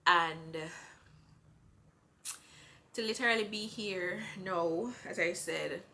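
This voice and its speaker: A woman's voice: fairly low pitch, bright, forceful tone, slight background noise. A pregnant woman with a Jamaican accent, talking earnestly and with strong faith in a personal vlog. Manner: earnest, faith-filled, unhurried. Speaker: vlogger. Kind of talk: heartfelt personal vlog talk.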